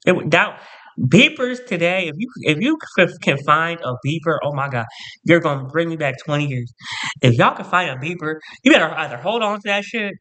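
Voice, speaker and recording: Male vlogger, sassy and dramatic storytime ranter, bright forceful voice. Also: on the high side, lively intonation, a little fast. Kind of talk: storytime rant to camera.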